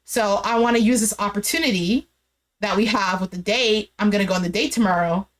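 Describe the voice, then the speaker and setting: A young woman casually recapping a dating show, chatty and animated, full of "like" and quoted dialogue. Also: medium pitch, a little fast. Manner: chatty, animated retelling with lots of "like". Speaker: recap streamer.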